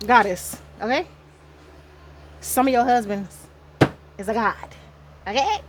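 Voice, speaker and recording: Her voice on the high side and animated, a woman takes it slowly as she does a loose, rambling spiritual card reading for viewers in an indoor room. She swears occasionally, and the background is noisy.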